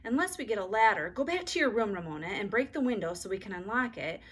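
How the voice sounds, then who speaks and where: A woman voicing a patient, weary mother, calm and sighing, in a storybook read-aloud. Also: medium pitch, fast talker, slight background noise, natural voice.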